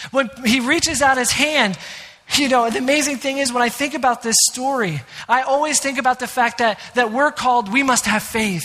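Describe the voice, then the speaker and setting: A man's voice: very high voice, bright, forceful tone. A man preaching a sermon as pastor, earnest and emphatic, with conversational asides. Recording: reverberant hall.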